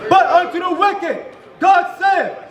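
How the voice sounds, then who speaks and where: Very high-voiced man reading scripture aloud. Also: slow pace. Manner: loud, declaiming. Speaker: scripture reader. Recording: echoey and roomy, crowd behind.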